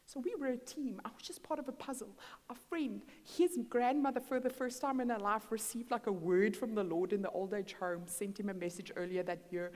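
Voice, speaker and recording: A woman's voice: mid-range voice, brisk, a little mellow. A woman preaching a storytelling sermon in a church hall, acting out the dialogue in her stories. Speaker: guest preacher. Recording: long church-hall reverb.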